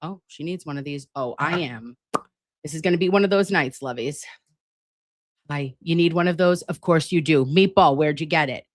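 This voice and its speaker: A woman's voice: low-pitched, moderate pace, no room sound, clean studio sound. Playful, profane woman livestream host. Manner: chatty, profane, playful, calls viewers lovies and babes. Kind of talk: casual livestream chat. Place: home, at a laptop with air conditioning running. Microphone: laptop setup.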